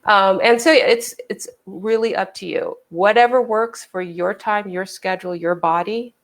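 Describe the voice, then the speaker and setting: A woman's voice: mid-range voice, a little slow. A woman fitness trainer co-hosting a casual livestream, explaining things and quoting past conversations.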